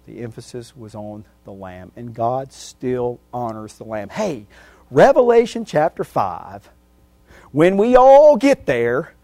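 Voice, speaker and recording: A man preaching a sermon, reading scripture verse by verse and repeating phrases for emphasis, his voice swinging from loud emphatic peaks to hushed endings. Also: medium pitch, big pitch swings, takes it slowly, no echo.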